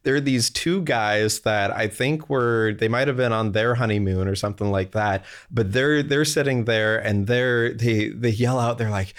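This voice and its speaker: A man's voice: mid-range voice, normal speed, hardly any pauses. A young adult man, an interview guest and company executive, telling a rambling anecdote with fillers and laughs. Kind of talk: casual storytelling interview.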